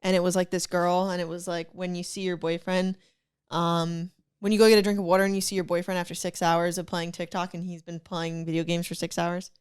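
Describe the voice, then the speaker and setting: A woman's voice: lowish voice, little pitch movement, fairly quick, smooth. A young woman co-hosting a podcast, chatting casually and giggling, rambling with lots of fillers. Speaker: podcast co-host. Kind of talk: casual chat.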